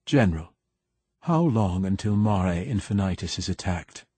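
A man's voice: sits low, expressive, slightly rough, full character voice. A grave, terse woman leader, as a man reads her. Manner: quiet, measured and terse. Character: older woman head of government, grave, commanding.

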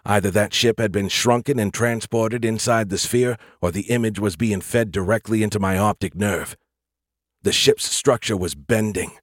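A man narrating a first-person science fiction audiobook in a steady, earnest storytelling voice. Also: on the low side, moderate pace, no echo, clean studio sound.

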